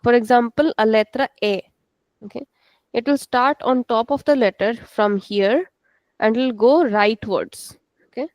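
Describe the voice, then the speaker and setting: A woman's voice: on the high side, unhurried, darkish tone, dry recording. A woman teaching a language lesson, explaining step by step and checking in with "okay". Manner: switches into Hindi to explain.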